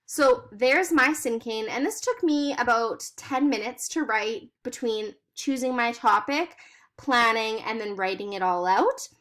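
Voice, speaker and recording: A woman's voice: on the high side, unhurried, fairly bright tone. Upbeat woman teacher explaining a lesson. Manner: clear, encouraging, explains step by step. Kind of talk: recorded classroom lesson.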